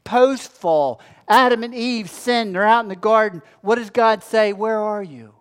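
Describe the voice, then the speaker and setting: A male pastor delivering a sermon in a fairly high, smooth and resonant voice. He builds momentum through a chain of repeated phrases, pressing each line home with preaching cadence. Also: unhurried, fairly bright tone.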